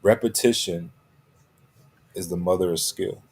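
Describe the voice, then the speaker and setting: A man's deep, darkish voice holds a steady tone and a slightly slow pace in this motivational coaching talk, with a little hiss or hum in the background. He's emphatic, repeating key phrases and checking in with "right?" and "okay?".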